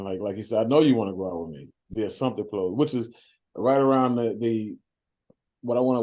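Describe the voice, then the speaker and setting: A man's voice: lowish voice, warm tone. A man hosting a group call and giving emphatic, conversational sales training, often repeating himself.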